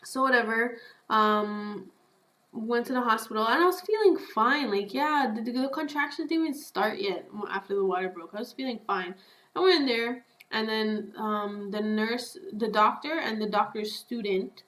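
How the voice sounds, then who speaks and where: A woman telling a personal story as a podcast guest in a chatty, animated way, acting out her own past lines. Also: fairly high pitch, normal speed, reverberant, rough recording. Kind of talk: casual storytelling.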